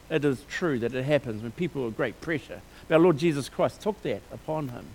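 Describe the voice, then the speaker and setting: A man preaching a sermon with passion, moving between quiet reflection and loud, emphatic declarations, with casual asides. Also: medium pitch, a little fast, hardly any pauses. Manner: informal, scattered with casual asides.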